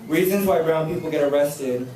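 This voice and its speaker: Young male poet at a live reading: slow, even delivery on the poems, loud brash cursing banter in between; captured from far off in a noisy, echoey room. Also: fairly high pitch. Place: indoor reading event.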